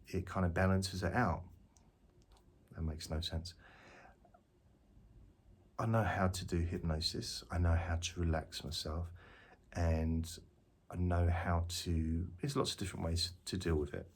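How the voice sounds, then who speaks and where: A man's voice: sits low, husky. A man rambling to camera outdoors, jokey and self-mocking as he drifts between points. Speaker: vlogger. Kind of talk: rambling spoken monologue to camera. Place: outdoors, walking around.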